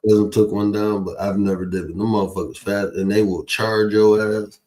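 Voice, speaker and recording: A low, dark-toned man talks in an easy, musing way on a livestream panel. His phrases drift and fade softly at the ends. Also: little pitch movement, fairly quick, poor audio. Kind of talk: casual livestream chat.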